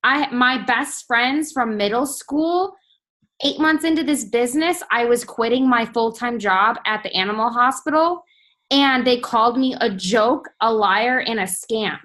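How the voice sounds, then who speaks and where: A woman in her twenties speaking earnestly in a motivational team talk, soft and encouraging. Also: fairly high pitch, a little slow. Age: 20s.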